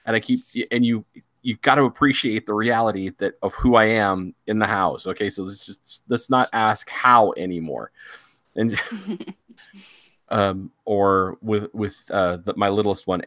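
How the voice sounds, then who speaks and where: Man, middle-aged, low voice, rambling casual chat, dry sound. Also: normal speed, a bit bright, no echo. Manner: rambling, many restarts, chuckling. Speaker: host.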